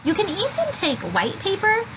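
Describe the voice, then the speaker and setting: A woman's voice: extremely high pitch, wildly swooping pitch, moderate pace, background noise. A woman Sunday school teacher leading a children's craft, upbeat and encouraging.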